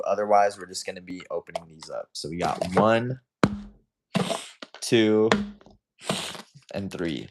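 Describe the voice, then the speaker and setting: Man, young adult, deep low voice, livestream host, reads comments aloud, casual chat. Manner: reads viewer comments aloud and replies chattily.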